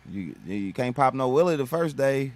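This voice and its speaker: A man's voice: mid-range voice, lively intonation, normal speed, darkish tone, no room sound. A male comedian from Kentucky, chatting as a guest on a radio show in a slangy, laid-back way, often checking in with "you feel me.". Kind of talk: casual radio interview chat.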